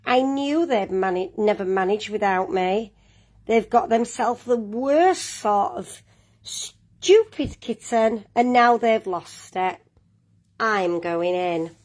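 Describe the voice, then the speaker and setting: A woman's voice: medium pitch, slow pace, darkish tone. A woman voicing a grumpy old female house cat who grumbles indignantly. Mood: grumbling.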